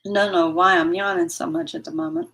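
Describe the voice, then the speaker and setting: A woman's voice: medium pitch, sing-song, quick pace, vocal fry, fairly bright tone, poor audio. A woman chatting casually on her livestream who says she has trouble with her W sounds and coos at her dog in baby talk. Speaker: vlogger reading live chat.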